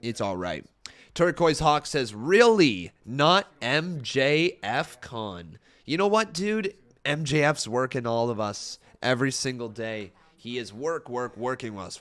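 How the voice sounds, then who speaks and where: This young live-stream host runs a relaxed wrestling watch-along, chatting and reading out what viewers post. His smooth, medium-pitched voice is a bit bright and a little slow, with a slightly tired, strained quality.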